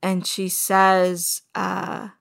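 A woman telling her own story as a personal testimony, soft and halting, with many pauses and fillers. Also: fairly low pitch, completely flat delivery, vocal fry.

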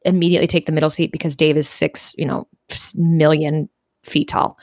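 A young adult woman from the United States co-hosting a podcast, chatting and telling animated stories with a bit of swearing. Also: low voice, brisk, no room sound, clean studio sound. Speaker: podcast co-host. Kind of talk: casual chat.

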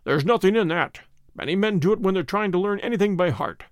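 Male reader's unhurried detective, assured, fairly high voice. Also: animated, no echo, studio quality. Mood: calm authority. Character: calm, commanding male detective.

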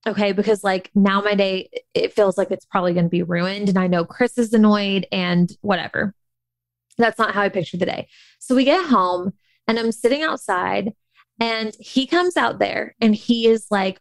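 A woman's voice: mid-range voice, normal speed, no room sound. Candid woman in her thirties, rambling story. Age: 30s. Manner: candid, emotional, many fillers and restarts. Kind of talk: casual personal storytelling.

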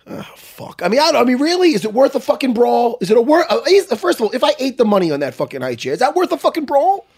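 A middle-aged man with a husky, slightly rough voice tells a story in loose, profane casual chat. His pitch swings widely as he gets worked up. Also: big pitch swings, quick pace, hardly any pauses, darkish tone.

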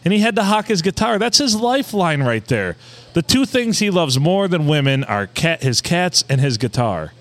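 Lively mock-dramatic podcast host. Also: male voice, fairly high pitch, moderate pace. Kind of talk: casual banter.

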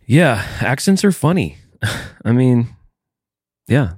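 A man's voice: mid-range voice, sing-song, slow pace, a little mellow, husky, dry recording, studio quality. A man co-hosting a casual chat, wry and reflective, posing musing questions. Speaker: podcast co-host.

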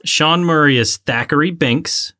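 A woman's voice: sits low, unhurried, sharp tone. A woman co-hosting a casual movie podcast, playful and giggly as she runs through the cast and facts. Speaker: podcast co-host.

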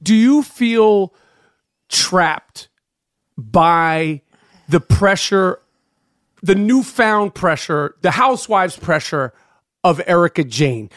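A man's voice: sits high, animated, slow, long pauses, fairly bright tone, dry recording, studio quality. A man hosting a casual interview, asking long rambling questions full of filler words and swearing. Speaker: podcast host.

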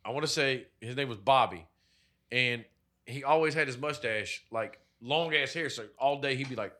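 A young man in casual chat, telling rough, profane stories about old jobs and acting out what people said. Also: mid-range voice, moderate pace. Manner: profane, animated storyteller acting out quotes.

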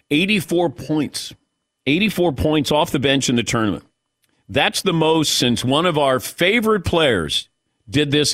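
A man's voice: medium pitch, no room sound, studio quality. A man hosting a sports talk show, chatting casually with his crew and joking around. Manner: animated, joking, drops into mock Italian voices. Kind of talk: casual sports radio banter.

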